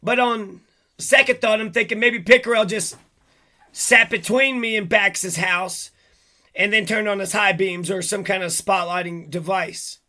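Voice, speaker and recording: A man's voice: sits high, steady tone, measured pace, pushed and bright. A man talking alone to his audience in an agitated, rambling, heavily profane rant. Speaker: vlogger. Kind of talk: monologue to camera.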